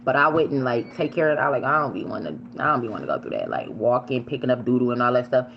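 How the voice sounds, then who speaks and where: A woman vlogger tells a story over dinner in a loose, animated way, swearing as she goes. Her pitch swings freely and jumps up sharply when she acts out her own shouting. The recording is slightly dull, with a faint hum underneath. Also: fast talker, creaky. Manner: animated, shrieks quoted lines, swears freely. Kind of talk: casual storytelling while eating on camera.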